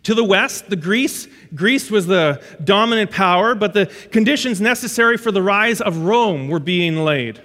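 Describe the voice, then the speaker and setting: A man with a high voice preaches a sermon, telling stories animatedly and often restarting his phrases. His voice rings out with a long reverb through an auditorium. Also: normal speed, hardly any pauses. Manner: lively storytelling with frequent restarts. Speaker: pastor.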